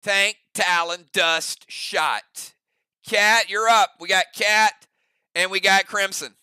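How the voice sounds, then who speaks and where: A man narrating a role-playing game round as game master, laying out each move and its damage in an easy, explanatory way. His voice sits high and bright, with a crisp, clean edge. The sound is dry and close. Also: steady tone, takes it slowly, dry recording. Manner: casual, explanatory, joking asides.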